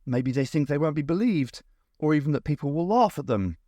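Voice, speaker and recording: A man voicing a brisk, eccentric male time traveller who is confident and theatrical, talking quickly and playfully and at times hushed and grave, in a raised voice. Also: a little high, expressive, no room sound, close to an everyday voice.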